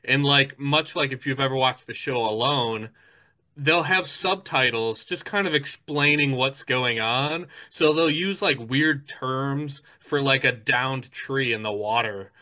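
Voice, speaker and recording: A man's voice: mid-range voice, unhurried, pushed and bright. A man telling a story in casual podcast chat, rambling with lots of fillers and restarts.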